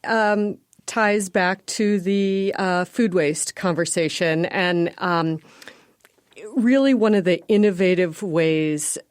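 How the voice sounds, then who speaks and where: A woman's voice: lowish voice, takes it slowly, clear, resonant tone, no room sound, clean studio sound. A woman guest on a food podcast, talking thoughtfully with frequent ums. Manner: thoughtful, with many ums and uhs. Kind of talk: casual podcast chat.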